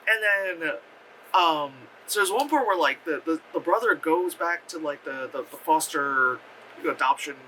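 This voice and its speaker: Bright-voiced man ranting through a movie recap. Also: a little high, a little slow, slight background noise, poor audio. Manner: profane, many fillers, animated retelling. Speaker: movie reviewer. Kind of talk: casual rambling film review.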